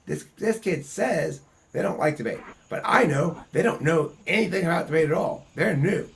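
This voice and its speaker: A man hosting a casual group discussion, talking bluntly and profanely in an animated, ranting way. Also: on the high side, moderate pace, creaky. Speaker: host.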